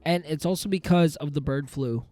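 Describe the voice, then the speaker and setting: A man's voice: fairly high pitch, moderate pace, a little mellow, soft background music. A young man co-hosting a podcast, talking in slangy casual chat and reading news bits aloud. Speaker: podcast co-host.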